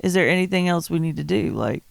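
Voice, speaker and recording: A woman's voice: fairly low pitch, lively intonation, fast talker, vocal fry, no room sound. A heavily pregnant woman co-hosting a podcast from bed at home, candid and outspoken in casual chat. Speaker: podcast co-host. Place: bedroom at home.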